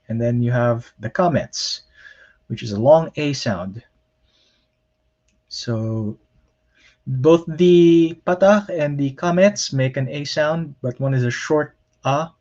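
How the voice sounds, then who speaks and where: A man gives a recorded language lesson at an unhurried pace, with frequent ums and pauses as he explains each point. His voice sits in a middle range. The recording sounds somewhat muffled and lo-fi. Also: mid-range voice, darkish tone. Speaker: Hebrew lecturer. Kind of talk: recorded lecture.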